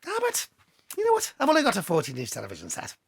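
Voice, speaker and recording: A man voicing a jokey Scottish male baggage handler with a deadpan wit and a high put-on voice. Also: fast talker, creaky, slightly rough, dry recording, studio quality, exaggerated voice. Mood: teasing.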